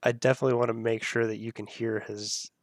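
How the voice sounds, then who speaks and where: A man's voice: mid-range voice, little pitch movement, fast, no echo, studio quality. A man hosting a live audio editing tutorial, thinking aloud as he works and laughing at the clips. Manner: musing, thinking aloud while working. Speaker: host.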